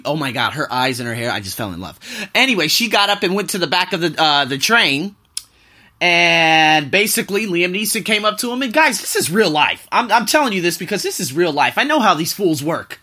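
A man's voice: sits high, sharp tone. A man hosting his own podcast in a casual monologue, profane and wandering off on tangents. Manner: loose and profane, drifting off on tangents. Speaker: podcast host.

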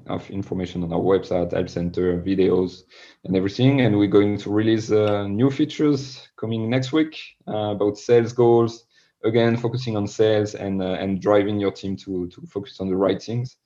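French-accented man, dark muffled voice. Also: lowish voice, steady tone, moderate pace. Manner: earnest, repeats words when explaining. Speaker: guest. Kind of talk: podcast interview.

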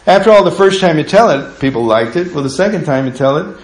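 A man's voice: a little high, expressive, fast. A man preaching a sermon in a humorous, conversational way, acting out quotes from the people in his story. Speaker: pastor. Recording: echoey room.

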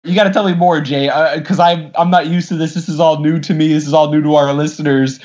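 A man's voice: a little high, steady tone, fast, darkish tone. A male podcast host asking curious, prompting interview questions. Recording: dull lo-fi sound.

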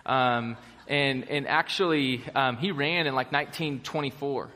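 Speaking a little slowly, this young adult pastor from the United States has a mid-range voice with a sharp edge. The big hall gives his casual, enthusiastic, filler-heavy sermon a long reverb.

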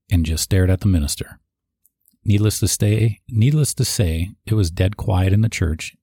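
A man's voice: low voice, warm tone, no room sound, studio quality. A man reading written tributes aloud, sometimes stopping to add his own asides. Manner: reads aloud, with asides and restarts. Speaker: eulogy reader.

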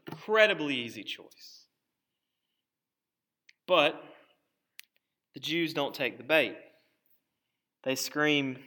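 Man, pastor, sermon, emphatic preaching, dramatic pauses, bright forceful voice, fairly high pitch. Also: lively intonation.

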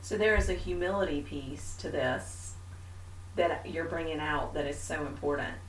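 A woman co-hosting a casual faith talk, telling a story with animated, self-mocking energy. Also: low voice, normal speed, far from the mic, a little hiss or hum. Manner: animated storyteller, mimics herself. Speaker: podcast co-host. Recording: echoey room, a bit off-mic.

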